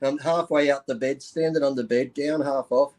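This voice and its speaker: A man's voice: medium pitch, fairly even intonation, normal speed, darkish tone, poor audio. A man chatting as a podcast guest, telling a crude story with bursts of laughter. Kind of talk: casual chat.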